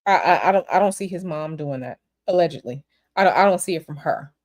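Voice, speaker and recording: A woman reading tarot on a livestream, answering viewer questions in a blunt, animated, repetitive way. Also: sits low, fast talker. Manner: blunt, animated, repeats herself. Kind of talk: casual livestream chat.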